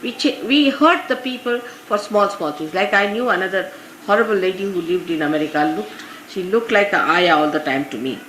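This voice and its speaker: A woman's voice: mid-range voice, brisk, a bit bright. A woman from India with an Indian English accent gives an informal spiritual talk to her followers, telling anecdotes and dropping in frequent "you see" asides. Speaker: spiritual teacher. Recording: echoey 1980s archive recording with faint hiss.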